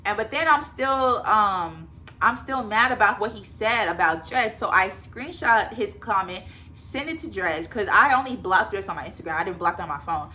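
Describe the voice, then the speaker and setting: A woman's voice: mid-range voice, expressive, moderate pace, sharp tone. A woman in her twenties telling a personal story to her viewers in a casual, emphatic storytime vlog. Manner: chatty, emphatic, talks straight to viewers. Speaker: vlogger.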